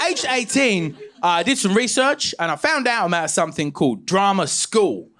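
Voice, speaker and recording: A male comedian in his thirties from England, performing stand-up. His pitch swings widely, and his voice sits somewhat high for a man. He delivers self-mocking lines with punchy timing. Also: sing-song, normal speed, a bit bright.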